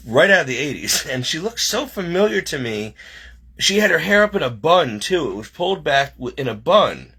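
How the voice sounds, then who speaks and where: A man's voice: mid-range voice, pushed and bright, slightly rough. A man telling a personal story over a video call, rambling with many fillers and restarts.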